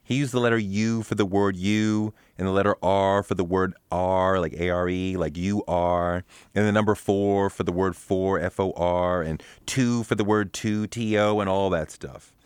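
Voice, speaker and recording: A man's voice: sits low, steady tone, normal speed, clean tone, dry recording, studio quality. A man narrating his own memoir as an audiobook in a wry, conversational storytelling manner.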